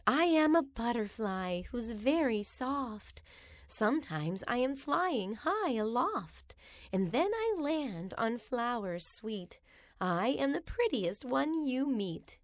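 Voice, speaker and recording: Woman reading rhymes, slow and lively. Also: a little high, no room sound, clean studio sound. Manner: slow, sing-song storybook reading. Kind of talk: reading children's rhymes aloud.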